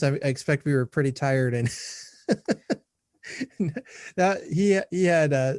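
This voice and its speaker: A middle-aged man hosting a podcast in a relaxed, chatty way, laughing easily and agreeing often. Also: mid-range voice, dry recording, clean studio sound. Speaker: podcast host. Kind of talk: casual interview chat.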